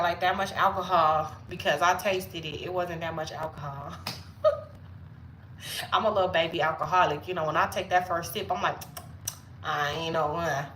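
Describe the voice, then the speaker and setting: A woman's voice: lowish voice, sharp tone, roomy sound, slight background noise, low-quality recording. A woman chatting playfully with viewers during a casual live stream.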